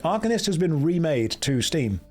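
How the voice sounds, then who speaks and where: A man's voice: on the high side, sing-song, moderate pace. Joking man streaming a game. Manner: joking, dry, self-mocking. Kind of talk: casual live-stream chat.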